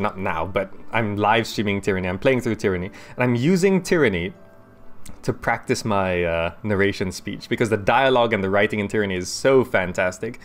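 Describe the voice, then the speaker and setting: A man with a fairly low voice talks his way through a strategy game, chatty and quick to laugh. He thinks aloud as he plays, recorded close on a desk microphone at home with faint game music underneath. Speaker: gaming YouTuber. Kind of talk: casual let's-play commentary.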